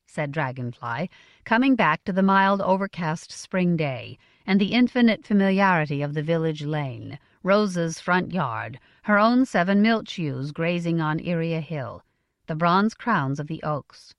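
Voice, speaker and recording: Expressive woman narrating an audiobook. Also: deep voice, unhurried, no echo, clean studio sound. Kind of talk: scripted narration.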